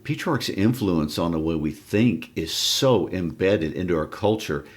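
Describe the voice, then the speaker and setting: Very deep-voiced man, dry humor. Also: expressive, measured pace. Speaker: podcast co-host. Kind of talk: casual chat.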